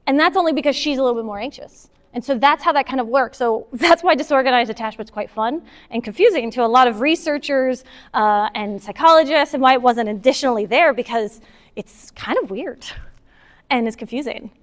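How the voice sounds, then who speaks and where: A woman giving a casual, animated talk to a moms' group, taking audience questions and acting out what partners say. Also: sits high, brisk. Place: meeting hall with an audience. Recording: long hall reverb.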